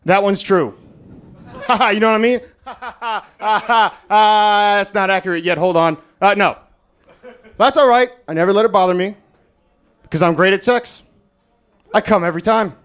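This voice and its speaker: A young American man doing a stand-up set at an open mic, in a crude, deadpan, self-mocking style. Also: high voice, a little slow, pauses often, smooth. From United States. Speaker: stand-up comedian. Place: comedy club stage, Las Vegas.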